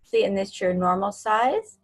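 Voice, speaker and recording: A woman giving a screen-share software tutorial in a chatty, encouraging way, talking to herself as she clicks. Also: mid-range voice, unhurried, low-quality recording. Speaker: online marketing instructor.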